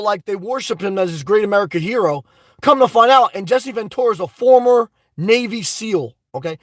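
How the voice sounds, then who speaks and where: A man hosting a live stream, reading viewer chat and ranting excitedly with lots of cursing and rambling fillers. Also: sits high, no echo, rough recording.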